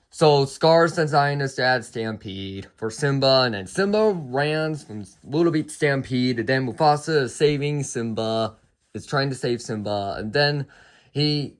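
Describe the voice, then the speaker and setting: A man retelling a movie's plot in a casual review, rambling and chaining "and then", often restarting and apologizing. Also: mid-range voice.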